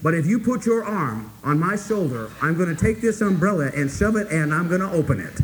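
A man's voice: a little high, lively intonation, brisk, noisy background, natural voice. Feisty old widow, as a preacher puts her on. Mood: defiant. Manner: firm, defiant, wry. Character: feisty elderly widow, late eighties.

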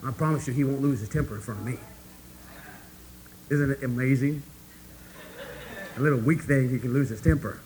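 A man preaching a sermon to his congregation, emphatic and folksy, swinging between hushed asides and loud, rising points. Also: medium pitch, normal speed, pauses often, slight background noise, rough recording. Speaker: pastor.

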